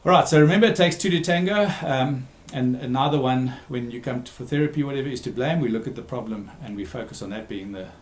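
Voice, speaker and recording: A man's voice: mid-range voice, quick pace, few pauses. Man, therapist, talk on conflict, emphatic, repeats key words, lots of ums, roomy echo. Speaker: therapist giving a talk series.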